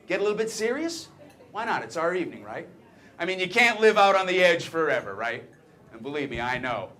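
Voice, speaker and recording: Cocky talking penis played by a man, stage comedy, lively and bright, quick stand-up patter. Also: medium pitch, pitched below the performer's own voice. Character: brash chatty talking penis, male, wisecracking. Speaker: stage performer.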